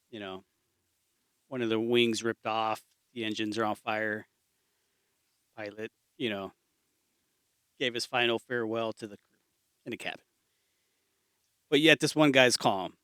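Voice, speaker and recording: A man's voice: medium pitch, a bit bright, smooth, dry recording, clean studio sound. A man co-hosting a casual podcast, telling a long joke in a rambling way and laughing at it himself. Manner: rambling storyteller, laughs at own jokes. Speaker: podcast co-host.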